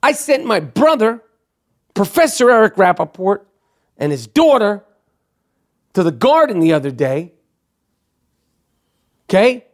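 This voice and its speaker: A man hosting a sports podcast, talking in a profane, animated, rambling way. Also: high voice, a little slow, pauses often. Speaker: podcast host. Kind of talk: casual sports podcast rant.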